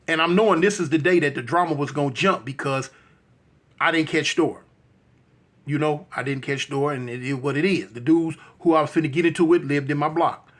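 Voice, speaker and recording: Brisk and a bit bright, this man's voice sits on the high side as he recounts something that happened to him. He keeps it slangy and conversational, repeatedly asking "you know what I'm saying" to check the listener is with him.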